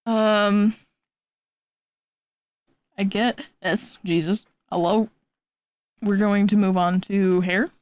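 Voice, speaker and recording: Young woman, art streamer, slow rambling chat, self-deprecating, dry close sound. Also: mid-range voice, no room sound. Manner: rambling, self-deprecating, talks to her cat. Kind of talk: casual chat while drawing on stream.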